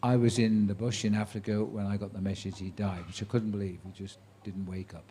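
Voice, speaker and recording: A man in his seventies, once a sports commentator, tells career anecdotes to a live audience, with slight background noise present. His lowish, dark voice is brisk and flat, and he's a chatty raconteur who acts out quotes with dry humour.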